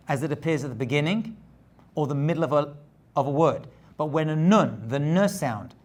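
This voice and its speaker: A man, a rabbi, giving a step-by-step lesson in a patient way, repeating points, checking in with the learner and correcting his own slips as he goes. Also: fairly high pitch. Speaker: rabbi teaching Hebrew script.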